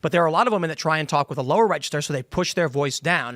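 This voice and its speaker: A man's voice: fairly high pitch, lively intonation, very fast, hardly any pauses, fairly bright tone, dry recording. Opinionated man explaining at length. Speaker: podcast host. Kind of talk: casual panel discussion. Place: studio table with other hosts.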